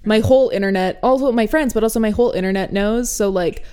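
American woman, podcast co-host, chatty and giggly, mid-pitched voice. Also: dark tone, clean tone. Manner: chatty, giggly, fast asides. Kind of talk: casual chat.

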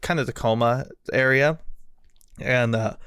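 A man's voice: medium pitch, measured pace, fairly bright tone, smooth, dry recording. Male podcast host, casual, rambly, lots of "like" and cursing, dry close mic. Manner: rambling, swears a lot, many fillers. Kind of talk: casual chat.

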